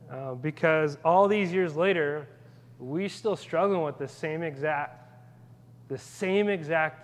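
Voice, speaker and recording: Pastor, male, high-pitched, conversational and rambling delivery; sermon recorded in an echoing church hall. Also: a bit bright. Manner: conversational, rambling asides with frequent restarts.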